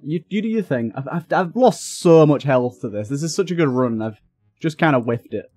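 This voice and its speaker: A man's voice: on the high side, lively intonation, moderate pace, darkish tone, no room sound. A young man giving let's play commentary, swearing and breaking into frustrated outbursts. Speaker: gaming YouTuber.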